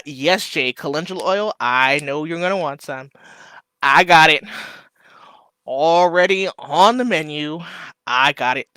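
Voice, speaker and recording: A man hosts a live stream, talking loosely through viewer comments with plenty of fillers. His voice is bright and crisp, recorded dry and close with no room sound. He is emotional and keeps fighting back tears. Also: on the high side, no echo. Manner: loose and rambling with many fillers. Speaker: livestream host. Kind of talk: casual live chat, reading viewer comments.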